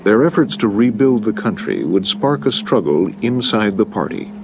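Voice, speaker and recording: A man giving measured, grave scripted documentary narration. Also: on the low side, very animated, gravelly, background noise.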